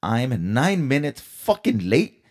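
A man's voice: medium pitch, very animated, takes it slowly. A man hosting his own podcast, venting in a heated, profanity-laden rant and throwing rhetorical questions at his listeners. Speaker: podcast host. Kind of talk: solo podcast storytelling rant.

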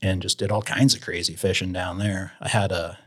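A low-pitched man with a husky edge to his voice tells fishing stories in a relaxed, chatty way. He is from Idaho and slips into lively voices when he quotes people. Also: a little fast. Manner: animated storyteller acting out quotes. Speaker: guest fishing author. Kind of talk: casual storytelling.

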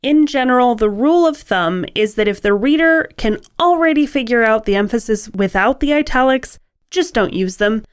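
A woman's voice: on the high side, expressive, normal speed, clear, resonant tone. A woman co-hosting a conversational writing-advice podcast, explaining points with wry, playful humor. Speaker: podcast co-host.

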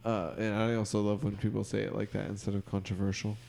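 A man's voice: on the low side, little pitch movement, fast, creaky, darkish tone. A man co-hosting a podcast in casual chat, laid-back and peppering his talk with "dude" and "like".

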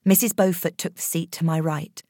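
A woman narrating a horror story in a measured, expressive reading voice. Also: sits low, dry recording, clean studio sound.

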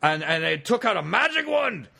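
A man's voice: high-pitched, very animated, normal speed, creaky, bright, forceful tone, breathy edge, voice pushed up, exaggerated voice. A man putting on a bad Scottish accent to play a drunk Scotsman, rambling and stammering through a tall tale. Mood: rambling boastful. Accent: put-on Scottish. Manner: rambling, stammering, boastful storytelling.

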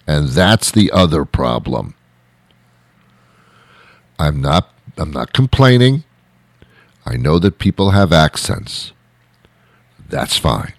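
A man's voice: a bass voice, big pitch swings, slow, long pauses, no echo. A man delivering an exasperated, comic rant with lots of repetition and restarts. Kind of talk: ranting monologue.

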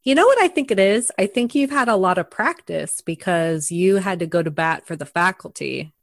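A woman co-hosting a casual podcast, playful and animated. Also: on the low side, normal speed, gravelly, dry recording, clean studio sound. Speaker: podcast co-host. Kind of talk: casual chat.

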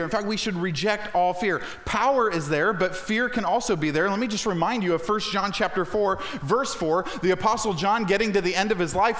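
High-voiced man preaching in an echoey church. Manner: energetic, conversational preaching with acted quotes. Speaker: pastor. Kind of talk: sermon.

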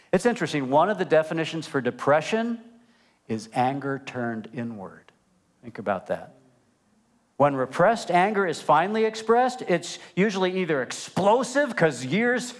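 Older guy preaching a sunday sermon, punchy and animated, loud then quiet. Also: on the high side. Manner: animated and emphatic, swings between loud and hushed. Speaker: pastor.

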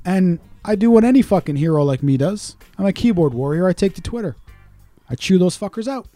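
A man's voice: high voice, expressive, a little fast, warm tone, dry recording, soft background music. A man co-hosting a podcast, telling a grumpy, profane story while in pain. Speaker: podcast co-host. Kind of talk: casual podcast chat.

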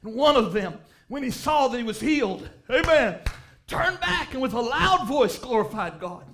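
Very high-voiced fervent male preacher. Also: animated, moderate pace, slight background noise. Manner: fervent, swelling into shouts on key phrases; reads scripture aloud in old-style wording. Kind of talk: revival sermon. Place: church.

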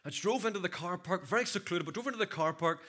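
A man preaching a sermon in a church, swinging from loud shouts to hushed storytelling. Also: high-pitched, expressive, fast. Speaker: pastor. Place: church hall.

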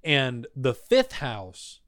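A man from Texas telling a long story in casual chat, animated and swearing freely. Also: medium pitch, drawn-out words, no room sound, clean studio sound. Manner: animated, profane, acts out voices.

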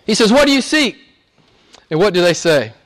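A man preaching with a lively, sweeping voice that climbs high when he gets excited. He drops to near whispers, then bursts out loud again. He laughs often and throws in playful asides. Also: moderate pace. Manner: swings between hushed whispers and loud, high exclamations. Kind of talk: sermon.

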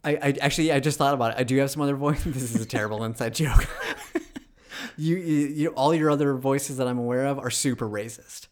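A man's voice: medium pitch, fast. A young adult man co-hosting a podcast in casual chat, dry and contrarian, often restarting his sentences as he argues a point. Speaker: podcast co-host.

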